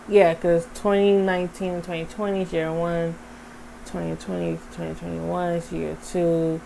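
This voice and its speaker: A young woman vlogger telling a casual, animated story straight to her viewers. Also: medium pitch, vocal fry, a little hiss or hum. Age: young adult.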